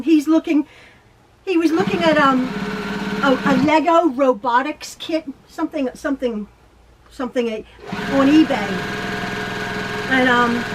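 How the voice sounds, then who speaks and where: A middle-aged woman teaching quilting in her home sewing room, chatting and rambling as she sews and laughing often. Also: high-pitched. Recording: sewing machine noise behind her. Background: sewing machine.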